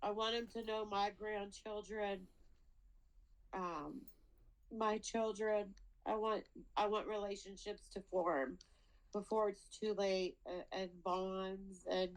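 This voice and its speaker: Emotional woman pleading, halting speech. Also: mid-range voice, fairly even intonation, rough recording. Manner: halting, repeats words, tearful. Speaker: daughter speaking at a hearing. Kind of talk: emotional plea over a video call. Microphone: video call.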